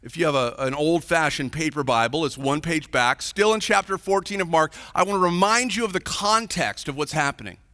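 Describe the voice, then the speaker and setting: A high, bright male voice preaches a conversational sermon and keeps checking in with the congregation. The sound rings with long reverb from a church sanctuary. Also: a little fast, few pauses. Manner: informal, chatty, checks in with the audience often. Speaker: pastor.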